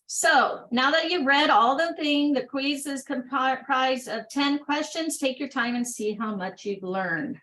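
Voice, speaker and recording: A woman hosting an online workshop over a video call. She reads training material aloud at a brisk clip and breaks off for upbeat, chatty asides. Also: sits high, pushed and bright, low-quality recording. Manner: brisk reading broken by upbeat exclamations. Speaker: workshop host.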